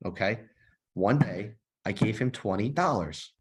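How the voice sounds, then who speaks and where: A man in his thirties, a former police officer, telling his story in a podcast interview in a lively, profane way, acting out the dialogue. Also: lowish voice, a little slow, slightly rough. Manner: animated, profane, acts out dialogue. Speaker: guest, nonprofit founder and former police officer.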